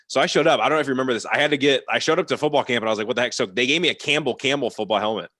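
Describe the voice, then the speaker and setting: Young male podcast guest, rapid casual storyteller, mid-range voice, dry close sound. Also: medium pitch, bright, forceful tone, no echo. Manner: rapid, filler-heavy with frequent "like" and swearing.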